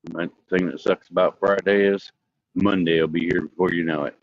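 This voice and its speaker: A man's voice: low-pitched, steady tone, moderate pace, no room sound. A man co-hosting a casual chat, blunt and grumbling, with a self-deprecating streak. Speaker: co-host. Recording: dull lo-fi sound.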